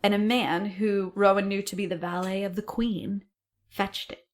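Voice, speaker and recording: A woman co-hosting a podcast, telling a history story in a casual, animated way, acting out quotes and swearing now and then. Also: medium pitch, moderate pace. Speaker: podcast co-host.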